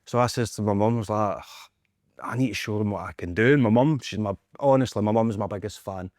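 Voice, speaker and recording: A man with a Scottish accent, a guest performer telling animated, self-mocking stories with laughter in a casual chat. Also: fairly low pitch, fast, dry recording, clean studio sound. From Scotland.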